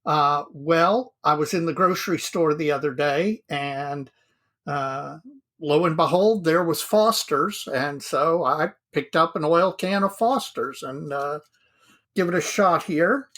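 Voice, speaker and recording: A man's voice: on the high side, slow pace, fairly bright tone. A man co-hosting a casual hobby podcast, chatting in an easygoing, self-deprecating way. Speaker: podcast co-host.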